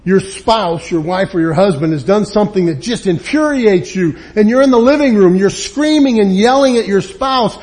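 A man's voice: sits high, moderate pace, hardly any pauses. A man preaching a sermon, emphatic, acting out the people he quotes. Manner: emphatic, acts out quoted people with lively swings. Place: church or meeting room.

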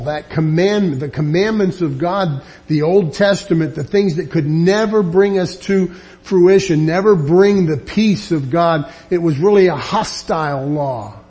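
Male Bible teacher, fairly high voice, warm tone, earnest, restarts a lot. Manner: earnest, emphatic, with frequent restarts. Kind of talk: verse-by-verse Bible lesson.

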